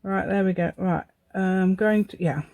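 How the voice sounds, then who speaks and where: A woman's voice: mid-range voice, unhurried, darkish tone, dry recording. A woman hosting a casual crafting tutorial, chatting and rambling as she works. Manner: chatty, rambling, self-deprecating with frequent laughs. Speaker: crafting channel host.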